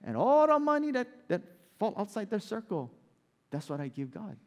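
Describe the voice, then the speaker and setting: A boastful castaway with a Filipino accent, talking in excited broken English, as a man puts him on. The pitch is high and swings widely. Long reverb rings behind him. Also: normal speed. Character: boastful stranded man with a money trick.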